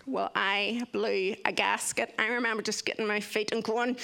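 A young woman tells a story from her own life with vivid energy, stepping into the lines people said. Her voice sits a little on the high side. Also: unhurried, creaky, few pauses. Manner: vivid, animated retelling with acted-out quotes. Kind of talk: personal story told to listeners.

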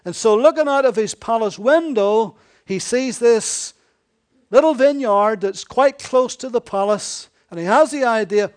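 High-voiced man preaching. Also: moderate pace. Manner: conversational, corrects himself, paraphrases scripture in dialogue. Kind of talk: sermon.

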